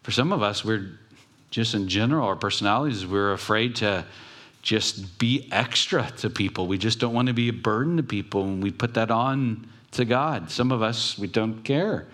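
A pastor giving a conversational sermon, telling stories with pauses and restarts. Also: male voice, fairly low pitch, a bit bright.

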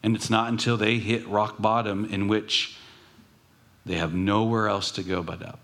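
A man's voice: lowish voice, little pitch movement, moderate pace, a bit bright. A man preaching a sermon as pastor, earnest, with emphatic rising bursts.

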